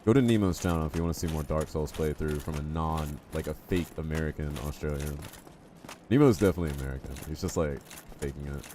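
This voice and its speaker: A man's voice: rumbling low, quick pace, mellow, a little hiss or hum. A man streaming a game live, chatting casually and joking with his viewers. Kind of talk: casual live-stream chat while playing.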